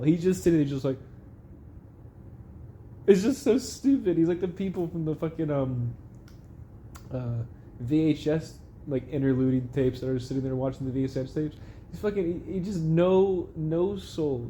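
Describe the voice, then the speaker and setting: A man's voice: medium pitch, warm tone, slight background noise. A young man casually rambling through a recap of a TV episode, swearing often and laughing at the funny parts. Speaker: vlogger recapping a show.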